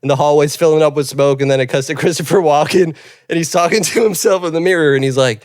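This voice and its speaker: A man's voice: on the high side, quick pace, a little mellow, no room sound, studio quality. A man co-hosting a podcast in casual chat, telling rambling stories and laughing as he talks. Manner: rambling storytelling, laughs through his words. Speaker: podcast co-host.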